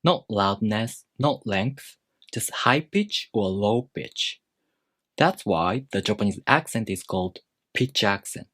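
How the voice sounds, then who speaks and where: A male teacher explains a lesson in a deliberate, scripted manner. His voice sits fairly low but swoops widely up and down as he demonstrates examples. The sound is dry and close, with no room echo. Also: fairly bright tone. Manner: deliberate, with spoken pitch demonstrations. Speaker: language teacher.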